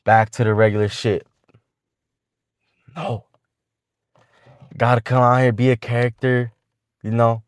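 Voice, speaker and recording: A man's voice: medium pitch, little pitch movement, measured pace, long pauses, clean tone, no echo, studio quality. A man giving casual dating advice to the camera, talking in slang and swearing freely as he rambles along with restarts.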